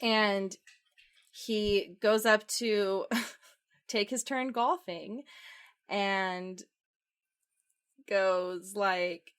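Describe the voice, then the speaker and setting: A young woman co-hosting a podcast, casually recapping a film and acting out the characters' lines with lively storytelling. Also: medium pitch, drawn-out words, long pauses, smooth. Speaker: podcast co-host.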